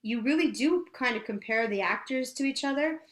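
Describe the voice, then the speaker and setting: A woman's voice: high-pitched, a little fast, echoey room. A woman co-hosting a TV review podcast, leading the discussion in a thoughtful, casual way. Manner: thoughtful, hesitant restarts, leads the topics. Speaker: podcast co-host.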